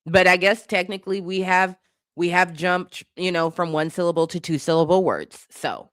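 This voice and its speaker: Sarcastic lyric commentary comes from a vlogger at home, laughing often, in a living room with a couch and a cat. The voice is mid-range, fairly bright, and smooth at a normal pace, recorded cleanly with no echo.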